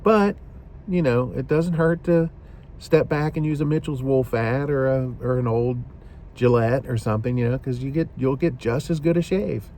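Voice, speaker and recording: A man's voice: medium pitch, normal speed, dark tone, slight background noise. Rambling man talking to camera. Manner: rambling, repeats himself, frequent "you know". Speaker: shaving video host. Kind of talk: casual talk to camera.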